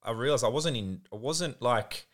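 An earnest young man shares a heartfelt story on a podcast, his voice sitting at a mid pitch. He talks casually, with plenty of filler words and restarts as he works through his feelings. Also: expressive, normal speed, a bit bright. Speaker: podcast co-host. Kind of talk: casual chat.

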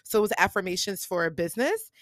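A woman's voice: mid-range voice, animated, fast, a bit bright, dry recording. A woman hosting her own podcast, telling a story casually and acting out the people she quotes with big jumps in her voice, recorded on a podcast mic. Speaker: podcast host.

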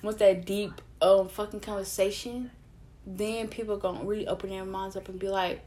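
A woman's voice: medium pitch, normal speed. Profane, rambling woman ranting casually. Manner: profane, animated, rambling with many fillers and self-interruptions. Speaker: vlogger. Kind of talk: casual opinion rant to camera.

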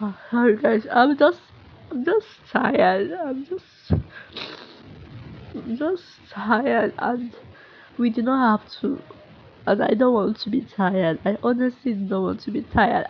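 A young woman with a Nigerian accent, speaking in a frustrated, halting monologue full of restarts and sighs. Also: on the high side, husky, lo-fi sound. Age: young adult. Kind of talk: emotional unscripted monologue.

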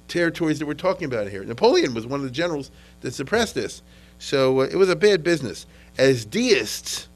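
A man's voice: medium pitch, poor audio. A man lecturing on history in a loose, conversational way. He repeats words as he gathers his thoughts and keeps asking whether his listeners follow. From United States. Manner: conversational, checks in with "okay?" and "you understand?"; frequent restarts and repetitions.

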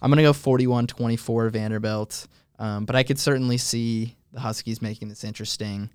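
A young man hosting a casual college sports talk show, thoughtful and filling pauses with um as he thinks aloud. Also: mid-range voice, fairly even intonation, darkish tone, smooth, no room sound, studio quality. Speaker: host.

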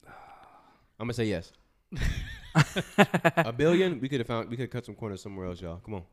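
A man's voice: lowish voice, fast, darkish tone. A man co-hosting a podcast in casual chat, wisecracking with mock outrage and laughing at his own jokes. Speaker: podcast co-host.

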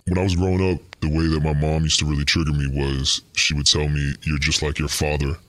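Creepy pitched-down confessor, flat and very low. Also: male voice, no room sound. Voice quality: deep put-on voice, slow and creepy. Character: creepy deep-voiced man confessing dark urges.

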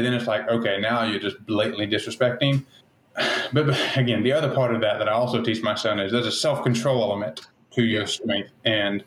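Measured, low-voiced man in a roomy space. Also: a bit bright, slight background noise. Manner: measured, thoughtful. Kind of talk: casual discussion. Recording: roomy echo.

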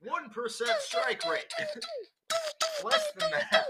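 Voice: extremely high pitch, huge pitch swings, unhurried, heavy background noise. A person in casual chat with a friend, laughing often while swapping impressions.

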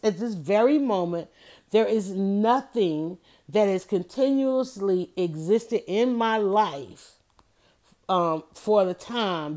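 A middle-aged woman talking in a casual, rambling monologue, emphatic and full of restarts and self-corrections. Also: medium pitch.

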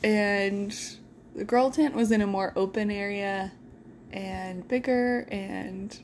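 A young woman telling animated, laughing stories in a casual podcast chat. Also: medium pitch, takes it slowly, a little hiss or hum. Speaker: podcast co-host.

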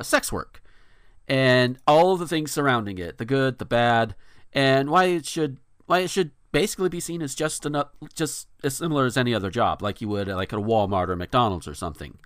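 A man hosts a casual podcast, reading news items aloud and stopping to comment, with plenty of fillers and restarts. His pitch moves around a lot. The sound is dry and close. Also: lively intonation, a little fast, a bit bright, smooth, dry recording. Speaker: podcast host.

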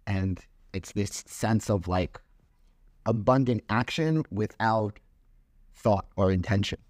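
A man co-hosts a podcast, talking loosely through a scripture passage. His voice sits low, and the sound is dry and close. He rambles, with frequent fillers and restarts. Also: slow, darkish tone, no echo. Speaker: podcast co-host. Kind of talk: casual chat about scripture.

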